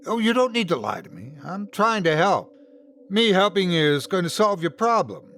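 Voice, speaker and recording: A man's voice: high voice, big pitch swings, moderate pace, a bit bright, slight background noise, pitched above the performer's own voice. A man voicing a persistent male phone scammer who keeps pressing and talks right over the person he calls. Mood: insistent. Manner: insistent, talks over people.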